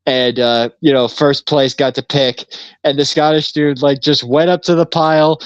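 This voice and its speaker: Male co-host, relaxed swearing storyteller; slightly lo-fi, dry sound. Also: on the high side, normal speed, smooth, dry recording. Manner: laid-back storyteller, swears freely, laughs often. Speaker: podcast co-host. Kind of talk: casual chat.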